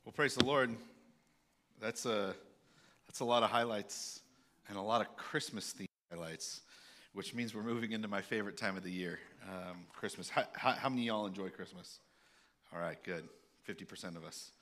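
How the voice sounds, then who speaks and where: Male pastor, low and bright-edged, candid and halting, sermon delivery. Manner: candid, halting with many fillers.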